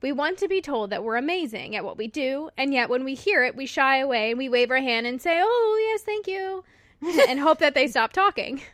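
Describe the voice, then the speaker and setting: A woman's voice: high voice, animated, fairly bright tone, dry recording, clean studio sound. A young woman co-hosting a podcast, chatting casually, laughing easily and getting emotional. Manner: giggly, emotional, quick to laugh. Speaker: podcast co-host. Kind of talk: casual chat.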